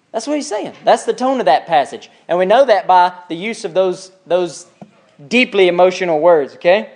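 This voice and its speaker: A man's voice: sits high, expressive, brisk. A man teaching a church Bible class in a conversational way, asking the class questions and reading scripture aloud with emphasis.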